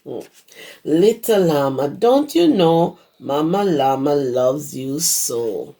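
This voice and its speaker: A hoarse woman who teaches preschool, reading a picture book aloud to young children and stopping to explain words. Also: sits low, lively intonation, takes it slowly, mellow. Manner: explains words to small children as she reads. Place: her home.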